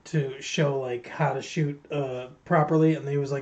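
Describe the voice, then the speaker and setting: A man's voice: medium pitch, steady tone, moderate pace, darkish tone. Rambling man on a lo-fi podcast. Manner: rambling, joking, teasing. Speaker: podcast co-host. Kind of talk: casual movie review chat. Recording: muffled lo-fi stream audio.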